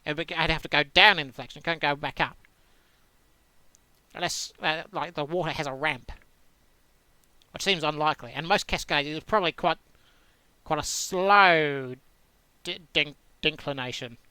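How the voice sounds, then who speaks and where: Bright, crisp man musing over cards. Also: fairly high pitch, normal speed, pauses often, no echo. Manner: rambling, self-interrupting, musing aloud to himself; dry playful wordplay. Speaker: host playing solitaire on screen. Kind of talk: casual gaming commentary.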